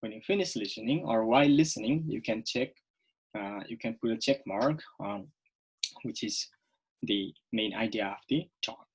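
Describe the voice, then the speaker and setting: A man teaching a recorded online English lesson, speaking slowly and repeating words, often checking in with "okay?". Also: lowish voice, breathy edge, low-quality recording. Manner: slow, repetitive, checks in with "okay?".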